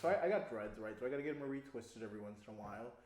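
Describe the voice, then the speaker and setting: A young man casually telling a long story on a podcast, animated, laughing often and swearing freely. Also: medium pitch, rapid-fire. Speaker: podcast co-host. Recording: echoey room.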